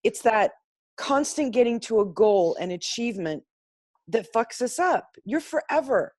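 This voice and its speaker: A woman speaks to a spiritual group over a video call, her voice sitting fairly high. She is blunt and emphatic and swears without a second thought. The sound is dry and close, with no room around it. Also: animated, unhurried, darkish tone, dry recording. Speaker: class participant sharing insights. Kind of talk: impassioned spiritual group talk.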